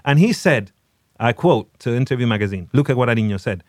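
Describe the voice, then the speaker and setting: A man's voice: medium pitch, lively intonation, a little fast, a little mellow, no echo, studio quality. A man hosting a podcast, giving casual commentary on films in a chatty, emphatic way with many restarts. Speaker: podcast host.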